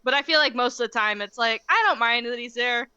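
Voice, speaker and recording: A young woman co-hosting a casual chat, animated and full of "like" fillers, laughing often. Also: on the high side, brisk, smooth, no room sound, lo-fi sound. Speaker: podcast co-host.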